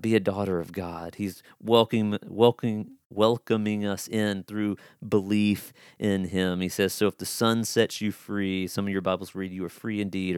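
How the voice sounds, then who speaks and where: Guy preaching a sermon, kinda low voice, dry close sound, earnest and chatty w rhetorical questions. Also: clean tone, no echo. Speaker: pastor.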